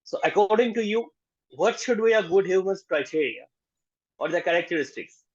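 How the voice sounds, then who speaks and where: A man moderating an online webinar speaks politely and calls his guest sir. His voice sits a little high, and the audio is dull and lo-fi, as from a video call. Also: expressive, moderate pace, breathy edge. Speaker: webinar host.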